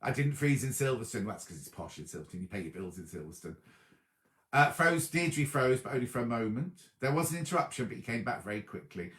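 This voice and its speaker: A man's voice: mid-range voice, fast. Chatty man on a roomy live stream. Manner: chatty, lively, reacts to live comments. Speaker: host of a sewing livestream. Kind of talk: casual chat reading viewer comments. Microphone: laptop or tablet on a video stream.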